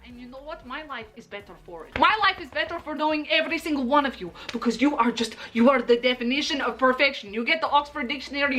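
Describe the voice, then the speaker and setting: High-pitched, excitable young female makeup vlogger with a bubbly, self-praising delivery. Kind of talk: makeup tutorial chat.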